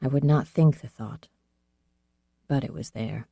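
Measured first-person audiobook narrator. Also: medium pitch, vocal fry, warm tone, dry recording.

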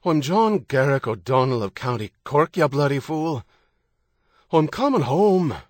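A man voicing an angry, worn-out sailor, shouting defiantly across the water in an Irish accent. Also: a little high, normal speed, slightly rough, dry recording, clean studio sound, voice pushed up.

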